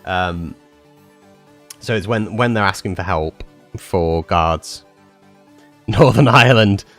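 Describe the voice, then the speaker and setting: A man's voice: low voice, takes it slowly, fairly bright tone, soft background music. A man chatting casually with his live-stream viewers, rambling with many fillers and restarts.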